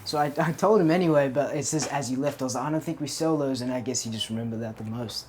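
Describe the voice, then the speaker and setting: A man's voice: medium pitch, fast, a little mellow. A young man co-hosting a podcast, telling stories in casual chat, laughing often and swearing freely. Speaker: podcast co-host.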